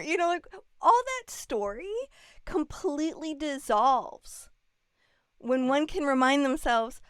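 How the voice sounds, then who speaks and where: A woman guest on an interview podcast, talking about relationships in an expressive way and often acting out quoted dialogue. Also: high-pitched, slow, no room sound, clean studio sound. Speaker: guest, relationship and leadership mentor. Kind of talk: casual conversational interview.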